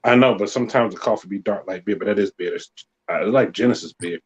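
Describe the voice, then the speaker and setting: A man's voice: lowish voice, fast, husky, lo-fi sound. A man hosting a live podcast, bantering playfully with slang in a loose group chat. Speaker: podcast host.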